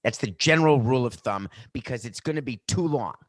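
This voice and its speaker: Sarcastic middle-aged male sports podcast host, dry close studio mic, mid-pitched voice. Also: a little fast, no room sound. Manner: sarcastic, animated rants with mock quotes. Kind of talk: opinionated sports commentary. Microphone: studio microphone with earpiece.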